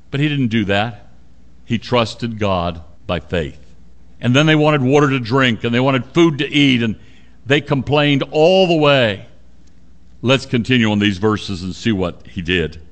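A man's voice: expressive, measured pace. Give me an emphatic male preacher giving a sermon in an ordinary mid-range voice. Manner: earnest, emphatic, drops low and quiet for stress.

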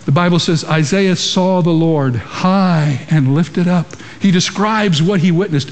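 A pastor speaks at a measured pace in a high voice, preaching to a congregation in a large church. He leans on emphatic rhetorical questions, and the hall gives his words a long reverb.

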